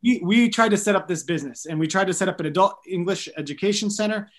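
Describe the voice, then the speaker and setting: A man in his thirties, a missionary guest on a podcast, telling stories in an earnest, animated way with light jokes. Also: sits high, quick pace. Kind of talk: storytelling in a podcast interview.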